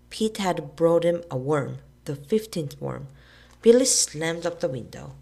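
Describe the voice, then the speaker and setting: Low, gravelly woman reading a storybook. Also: measured pace. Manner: expressive, with character voices. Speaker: narrator.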